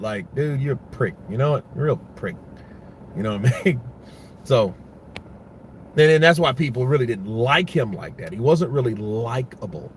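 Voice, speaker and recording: A man's voice: mid-range voice, lively intonation, normal speed, slight background noise. A man giving casual, rambling boxing commentary, full of profanity and restarts.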